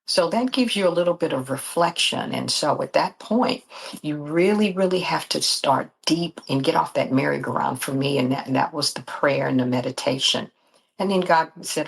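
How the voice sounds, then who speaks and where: Deep husky-voiced woman. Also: expressive, normal speed, low-quality recording. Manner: earnest, faith-filled storytelling. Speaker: guest, disability advocate and author. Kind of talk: candid interview talk.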